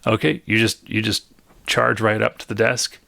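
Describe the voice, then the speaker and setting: A man running a tabletop game as game master, narrating scenes and asking questions in a relaxed way, laughing easily. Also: on the low side, normal speed, gravelly, no room sound.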